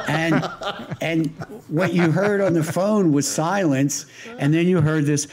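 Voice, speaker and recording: A man's voice: fairly high pitch, fairly even intonation, slow pace, pauses often, a little mellow, a little hiss or hum. Older man telling a rambling anecdote. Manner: rambling, with many restarts and fillers; self-deprecating wise guy humor. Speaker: interview guest, lighting designer. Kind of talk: casual anecdotal storytelling.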